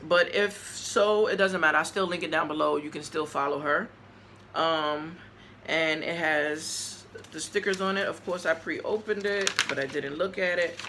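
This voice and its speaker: Bubbly woman vlogger w a new york accent chatting over her mail, bright voice, faint room hum behind. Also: low voice, steady tone, measured pace. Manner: chatty, gushing, talks straight to viewers. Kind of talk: casual mail-opening vlog.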